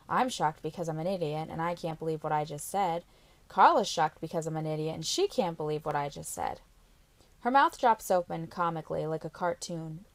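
A woman's voice: on the low side, dry recording. A woman reading a first-person novel aloud as an audiobook, in plain storytelling with light character voicing. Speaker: audiobook reader.

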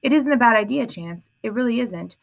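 A woman's voice: a little high, lively intonation, a little fast, creaky. A woman reading as an earnest, bossy teenage girl who edits the school paper, speaking firmly and encouragingly. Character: teen girl newspaper editor, earnest, bossy.

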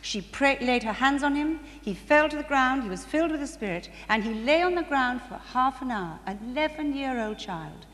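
A high-voiced woman delivers sermon-style testimony stories at a church conference, full of animation, frequent laughter, and sudden bursts of excitement. The hall recording sounds distant and reverberant, with light ambient noise.

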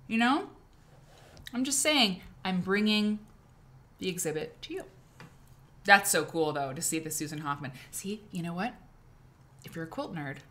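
A woman's voice: medium pitch, a bit bright. A middle-aged woman from Iowa hosting a live quilting show, chatty and effusive with gushing exclamations. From Iowa, USA. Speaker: podcast host. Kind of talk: casual live-stream chat.

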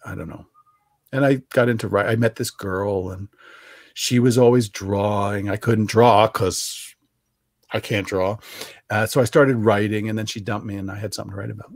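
A man's voice: on the low side, steady tone, moderate pace, dry recording, studio quality. A man, an author, talking as a guest in a casual remote interview, wry and self-deprecating. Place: home, remote video call.

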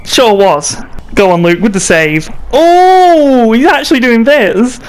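Woman, high pitch, very lively, very slow pace, giggly, teasing, casual gaming chat. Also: clear, resonant tone. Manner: giggly, teasing, swears often. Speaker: gamer.

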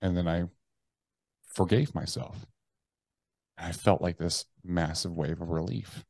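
A man's voice: low-pitched, fairly even intonation, unhurried, creaky, darkish tone, dry recording. A man in his thirties, a podcast guest telling his story candidly, blunt and profane, often restarting his sentences.

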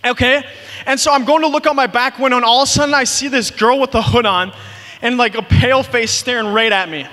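Youth pastor, young man, very high voice, tense bright tone, animated rambling storyteller, long hall reverb. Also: fairly quick. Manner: animated storytelling, filler "like" and "you guys". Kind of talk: youth sermon.

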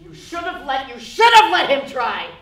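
A fragile, anxious loner, swinging from quiet pleading to raw outbursts. Her voice is bright and very animated, unhurried, and rings around a roomy theatre. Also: high-pitched, far from the mic, full character voice. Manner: pleading, breaking into sobs and outbursts. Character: fragile, anxious lonely woman Carol. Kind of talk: live stage play. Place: theatre stage. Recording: roomy theatre stage sound.

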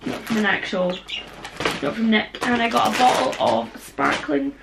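A woman, hoarse and husky, chatting casually in a vlog and sometimes dropping to a whisper. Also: a little high, normal speed, background noise. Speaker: vlogger.

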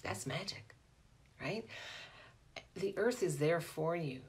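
A middle-aged woman with a somewhat low voice talks through a live coaching session. She is animated and chatty, tossing out "right?" and answering viewers as they come in. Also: takes it slowly, breathy edge. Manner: animated, peppered with "right?", greets viewers by name. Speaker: life coach hosting a live Q&A. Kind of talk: casual live-stream coaching talk.

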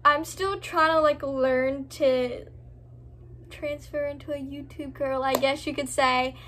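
High-voiced chatty young American woman vlogging. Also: steady tone, slow pace, a bit bright, slight background noise. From Florida, United States. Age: young adult. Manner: chatty, rambling, heavy use of "like". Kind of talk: casual vlog talk to camera.

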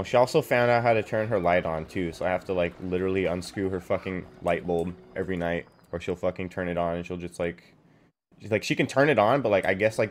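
A man's voice: low-pitched, slight background noise. A man streaming a video game, talking in a rambling, profane way full of fillers as he plays. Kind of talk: casual gameplay commentary. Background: faint game music.

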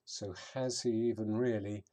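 A man giving a reflective sermon as a vicar, with pauses and occasional fillers. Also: on the low side, fairly even intonation, dark tone.

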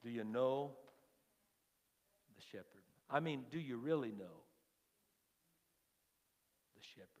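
A man preaching a sermon as lead pastor, telling a story slowly, his phrases trailing off softly before rising to fervent emphasis. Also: medium pitch, animated, creaky. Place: church sanctuary. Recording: long church-hall reverb.

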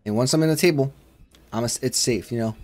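A man of middle pitch commentates his way through a horror game. He rambles from one thought to the next and breaks into sudden shouts when something jumps out at him. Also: fast talker, faint music behind. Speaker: gaming channel host.

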